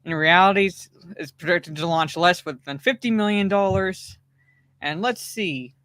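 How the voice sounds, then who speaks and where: Quick-talking male podcast host. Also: high voice, bright, forceful tone, dry recording. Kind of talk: casual news chat.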